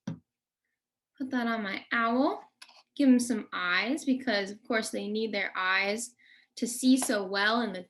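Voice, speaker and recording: Higher-voiced woman teaching kids about nature. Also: bright, forceful tone. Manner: friendly, slow, addressing kids directly. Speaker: nature educator. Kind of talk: children's nature lesson.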